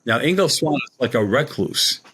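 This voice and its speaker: A man's voice: mid-range voice, animated, moderate pace, bright, forceful tone, slightly rough. A man guest, a psychic medium, telling a rambling personal story in a casual way and retelling what people said. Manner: rambling, retells dialogue with "she goes".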